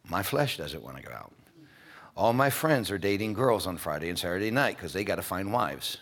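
A middle-aged male preacher delivering a sermon, moving between loud, stretched-out declarations and quiet, hushed storytelling. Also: low-pitched, sing-song, normal speed.

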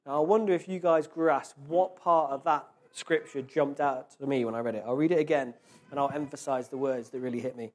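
A man's voice: on the high side, a little mellow. Chatty man preaching informally. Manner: conversational, reads scripture slowly with emphasis. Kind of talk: informal sermon.

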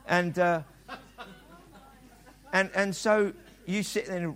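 A man's voice: sits high, fairly even intonation, takes it slowly, long pauses, fairly bright tone. A middle-aged man preaching a sermon as a pastor, talking conversationally and acting out dialogue in quoted voices.

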